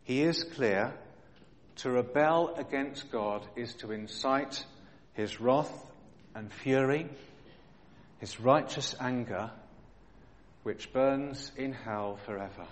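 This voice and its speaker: Slow-speaking preacher in a reverberant hall. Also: male voice, mid-range voice. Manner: earnest, rhetorical questions, dramatic emphasis. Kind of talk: sermon. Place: church hall.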